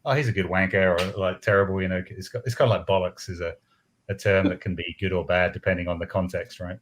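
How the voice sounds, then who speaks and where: A man's voice: sits low, flat delivery, fast, slight background noise. A man who is a podcast guest, explaining things in easygoing casual chat. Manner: explanatory, easygoing, lots of fillers.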